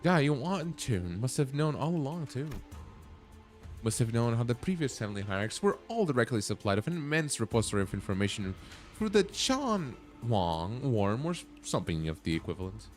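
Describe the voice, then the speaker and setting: A man's voice: medium pitch, sing-song, a little fast. A man streaming a game, reading its dialogue aloud and breaking off into blunt, swearing reactions. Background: faint game music.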